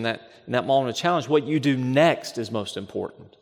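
A man's voice: mid-range voice, expressive, a little fast, hardly any pauses. A man preaching a sermon as pastor, emphatic, asking rhetorical questions and repeating phrases. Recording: long reverb of a large hall.

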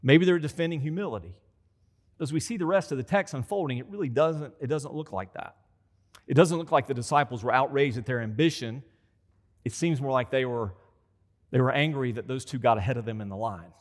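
A man's voice: medium pitch, a little fast. A man preaching a conversational sermon as a pastor. He repeats phrases for emphasis and acts out quoted voices. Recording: long hall reverb.

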